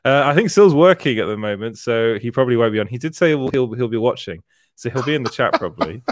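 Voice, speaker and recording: A man's voice: mid-range voice, expressive, fast, no room sound. Male stream co-host, laughs a lot, reads the chat, dry close sound. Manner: laughs often, reads out comments. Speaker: podcast co-host reading chat. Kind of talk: casual live-stream chat.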